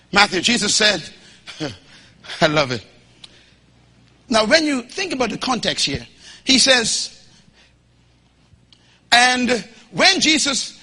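A man from the Bahamas, preaching a sermon in an emphatic, folksy and humorous way that builds to shouting as he urges the congregation to respond. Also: high-pitched, husky.

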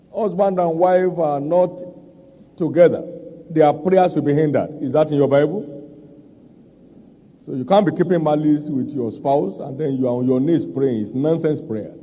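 Male preacher, high and mellow, emphatic sermon delivery, muffled recording with long reverb. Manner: emphatic, repeats scripture lines for stress.

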